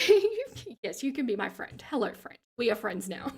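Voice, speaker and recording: A woman with an Australian accent hosts a relaxed livestream, reading out viewer comments and answering them. Her voice sits a little high, with vocal fry when she drops into her lower register, and she laughs easily as she talks. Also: moderate pace. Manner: chatty, laughs often, reads comments aloud. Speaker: livestream host.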